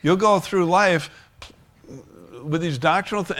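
A man's voice: sits high, unhurried, long pauses, fairly bright tone. A male pastor preaching a sermon in a conversational way, often restarting sentences and chuckling.

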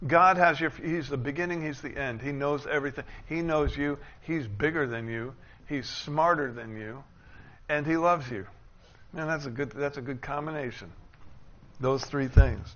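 A man preaching a sermon as pastor, building to loud, emphatic declarations and dropping into quick conversational asides. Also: a little high, dull audio.

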